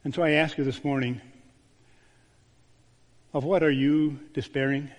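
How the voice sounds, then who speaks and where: A man, a pastor, delivering a sermon with a storytelling manner, dropping to a hushed voice on key words. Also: a little high, fairly even intonation, unhurried. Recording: long church reverb.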